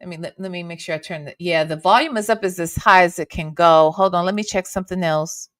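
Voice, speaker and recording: A woman's voice: on the low side, fast, fairly bright tone, no room sound, studio quality. A woman hosting a casual livestream from home, chatting with her viewers and swearing casually into a desk microphone. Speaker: reaction channel host.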